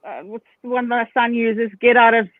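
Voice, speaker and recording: A woman's voice: on the high side, fairly even intonation, moderate pace, dry recording. A woman with a South African accent, a guest author chatting cheerfully over a video call and laughing easily. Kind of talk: casual chat. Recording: dry, tinny call audio.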